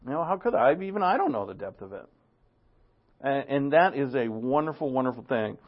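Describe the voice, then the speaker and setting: A man preaching a sermon with a gravelly, creaky voice and an earnest, conversational delivery. He clears his throat now and then. The recording sounds dull and lo-fi. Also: mid-range voice, sing-song, brisk. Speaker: pastor.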